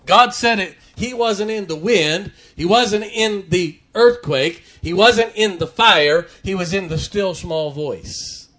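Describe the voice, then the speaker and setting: A man preaching a sermon from the pulpit, swinging between loud emphatic points and quiet asides. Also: high voice, takes it slowly, few pauses. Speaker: pastor. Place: church sanctuary.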